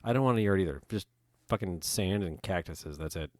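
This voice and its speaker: A man's voice: sits low, brisk, no room sound. A man co-hosting a podcast in casual chat, emphatic and swearing freely. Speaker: podcast co-host.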